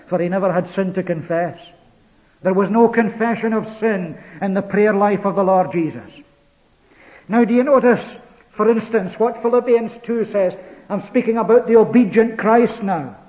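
A male preacher delivering a sermon, emphatic, repeating key phrases and slowing on stressed words. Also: high voice, lo-fi sound.

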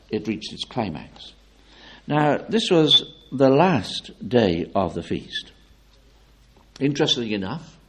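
A man preaching a sermon with fervent, declamatory delivery, swinging from loud emphatic peaks to low, quiet appeals.

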